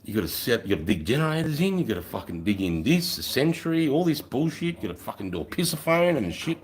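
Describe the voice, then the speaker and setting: A man's voice: mid-range voice, sing-song, fast talker. A man telling a boastful army story in casual, profane, swaggering talk. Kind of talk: crude anecdotal storytelling.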